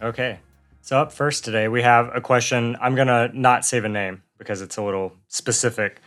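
A man co-hosting a casual finance podcast with a partly lost voice, reading listener questions aloud in a relaxed way. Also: mid-range voice, moderate pace, faint music behind. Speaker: podcast co-host.

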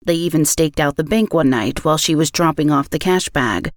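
A woman hosting a podcast, reading a scripted true-crime story in a measured way that slows on grim details. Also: sits low, no room sound, studio quality. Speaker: podcast host.

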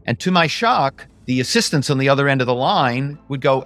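A middle-aged man, a guest, telling lively stories and slipping into other voices. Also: mid-range voice, a little fast, few pauses, no echo, faint music behind. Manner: animated, slips into voices. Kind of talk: storytelling interview answers.

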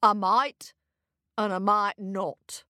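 A woman plays a stern, gruff hunter in a children's story. He growls his doubts slowly in a lower voice and sounds unconvinced by everything. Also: steady tone, bright, forceful tone, no echo, studio quality. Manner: growling, skeptical.

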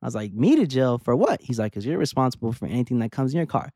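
A young adult man co-hosting a podcast, telling a story in a casual, animated way, acting out the dialogue and swearing. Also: medium pitch, quick pace, dry recording, clean studio sound. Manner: animated storyteller, acts out dialogue, curses, says "like" a lot. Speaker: podcast co-host.

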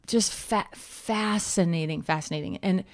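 A woman in her thirties co-hosts a podcast in a casual chat. Her voice sits a little low, and she tells stories in an animated way, full of "like" and "um". The close studio mic sounds dry. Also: unhurried, no room sound. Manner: chatty, animated storytelling with many fillers and laughs. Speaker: podcast co-host.

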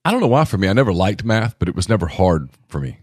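A man co-hosting a sports podcast talks in casual chat and thinks aloud, restarting his sentences as he goes. His fairly low voice moves a lot in pitch, and the sound is dry and close. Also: very animated, fast, no room sound. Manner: musing, thinks aloud with repeated starts.

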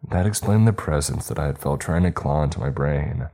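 A man narrates a first-person story in a measured, steady manner. His voice is extremely low and mellow. Faint music runs under the reading.

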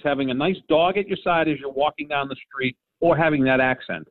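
A man's voice: fairly high pitch, fairly quick, few pauses, no room sound. A man in his fifties chatting casually about sports, rambling with lots of fillers and restarts. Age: 50s. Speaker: podcast co-host. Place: home, during lockdown. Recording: tinny phone-like line.

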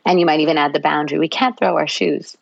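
Low gravelly woman explaining. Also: fairly even intonation, quick pace, dry recording, dull audio. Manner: warm explanatory, acts out parent-child dialogue. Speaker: clinical psychologist guest. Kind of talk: podcast interview.

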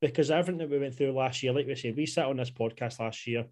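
A man's voice: medium pitch, quick pace, a little mellow. A young Scottish man co-hosting a casual podcast, laid-back and bantering, calling his co-host "mate". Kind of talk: casual chat. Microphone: podcast microphone.

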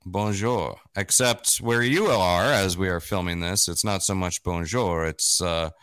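A man's voice: deep voice, unhurried, a bit bright, clean tone, no room sound. A man hosting a live-streamed interview, chatty and self-deprecating, with frequent fillers and restarts. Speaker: host.

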